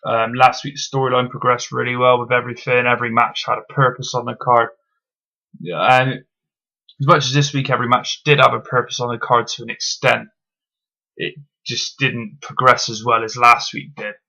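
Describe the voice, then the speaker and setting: In a casual solo review, a man gives a blunt, opinionated rundown of a wrestling show, swearing freely and filling gaps with ums. His medium-pitched voice is bright and gravelly with some fry, delivered flatly. The recording sounds dull and lo-fi.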